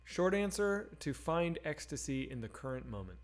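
Speaking at normal speed in a slightly high, sing-song voice, a gaming streamer reads his chat aloud. He keeps up casual, profane, rambling, and candid conversation with his viewers.

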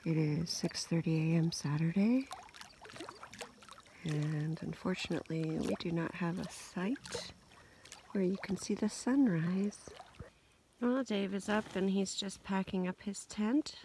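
A woman's voice: fairly low pitch, a little slow, warm tone, slight background noise. A woman camping vlogger chatting in a casual, upbeat way and laughing often at an outdoor lakeside campsite.

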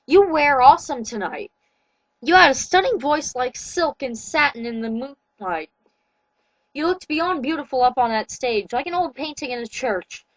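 A lovestruck young vampire speaks in quaint, courtly phrases, as a woman reads him. The voice stays high and close, with a dry sound. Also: expressive, normal speed, dry recording, poor audio. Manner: old-fashioned, courtly phrasing. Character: lovestruck teen boy vampire, archaic speech.

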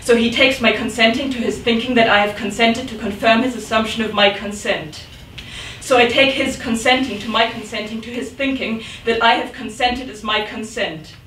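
Woman poet, live reading, dramatic rhythm, slightly high voice, echoey hall feel, mic well away. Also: steady tone, moderate pace, a bit bright, a little hiss or hum. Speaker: poet reading her work. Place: event room. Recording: echoey room, mic at a distance.

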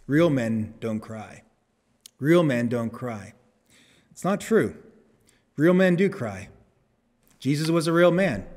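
A male pastor preaching a sermon, earnest, lifting his voice for emphasis and dropping it low on solemn words. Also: a little mellow. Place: church sanctuary. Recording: long church reverb.

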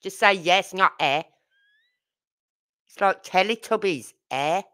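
Speaking slowly at a medium pitch, this middle-aged woman has a bright, forceful tone. She's from Birmingham, England, and as a livestream host she rambles chattily to a live audience in her Birmingham accent, with fillers and asides.

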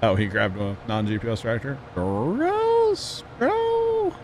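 A man's voice: lowish voice, level tone, a little fast, slight background noise. A young man with a Midwestern American accent chatting casually with viewers while he streams a game, joking at his own expense and laughing often. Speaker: livestreamer. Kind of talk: casual gameplay chat with viewers.

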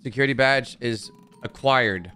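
A man narrating a horror game let's-play, joking, swearing and yelling when startled. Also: mid-range voice, normal speed, faint music behind. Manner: jokey, swears, mutters, yells when startled. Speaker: gaming YouTuber.

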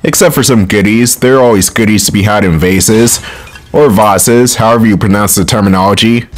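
A man commenting on his gameplay in a casual, wry way, swearing often, recording from home. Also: on the low side. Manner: wry, swears often, quick bursts of frustration. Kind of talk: casual let's play commentary.

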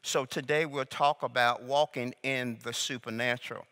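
A man's voice: mid-range voice, fairly even intonation, pushed and bright. A male pastor teaching a sermon, drawing out key words and coaxing the congregation to repeat phrases back to him. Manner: slow, deliberate emphasis on key words. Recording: long hall reverb.

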